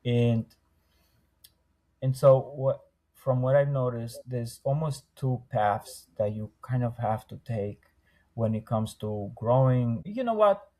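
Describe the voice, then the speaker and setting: Laughing, animated man telling stories. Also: mid-range voice, slow. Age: young adult. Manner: animated storyteller, laughs often, acts out quoted voices. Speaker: podcast guest, window treatment business owner. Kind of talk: casual interview talk.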